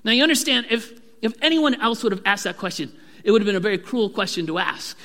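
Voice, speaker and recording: A man preaching in a church with a high, bright, clear voice. He speaks earnestly and sometimes sinks into a hushed tone. His voice rings with a long hall reverb. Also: expressive, quick pace. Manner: earnest preaching, drops to a hushed voice at key moments. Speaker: pastor. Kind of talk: sermon.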